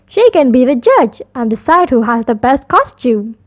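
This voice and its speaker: A woman's voice: high voice, sing-song, moderate pace. A woman doing a jolly daddy pig. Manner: jovial, snorting. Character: jolly, cheerful father pig.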